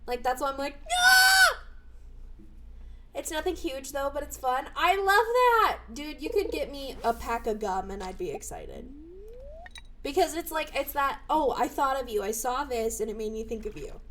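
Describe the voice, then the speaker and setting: A young woman streaming live, chatting casually, bubbly and excitable with sudden squeals. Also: high voice, normal speed.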